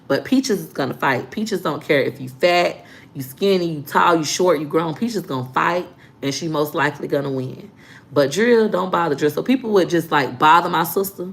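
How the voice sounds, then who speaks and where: Lively woman telling a story, low-pitched. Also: creaky. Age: adult. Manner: animated storyteller, acting out quotes. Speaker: vlogger. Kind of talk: casual storytime vlog.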